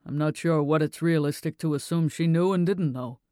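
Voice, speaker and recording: A steady police officer on the stand, voiced by a man reading the story, answering in a measured, matter-of-fact way. His voice sits a little high and comes through close and dry. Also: no room sound, close to an everyday voice. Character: calm, steady male police officer testifying.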